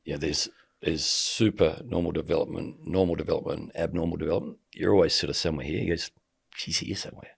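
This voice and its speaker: Man, middle-aged, very deep, gravelly, storytelling. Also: steady tone, quick pace, hardly any pauses. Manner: vivid storyteller who acts out quoted dialogue. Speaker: podcast guest, sports commentator. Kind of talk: casual storytelling conversation.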